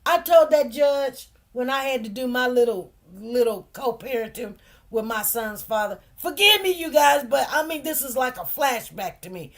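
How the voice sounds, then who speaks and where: A woman with a fairly high voice tells a personal story to her viewers as a commentary host. She speaks with feeling, circles back and repeats herself, and keeps addressing her audience directly. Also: lively intonation, moderate pace. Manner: emotional, repetitive, speaks straight to viewers. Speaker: host of a news commentary channel.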